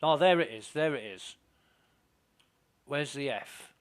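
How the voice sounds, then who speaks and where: A man's voice: medium pitch, expressive, smooth. A man giving casual, self-mumbling commentary while playing a space game. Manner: slow, muttering to himself, self-deprecating.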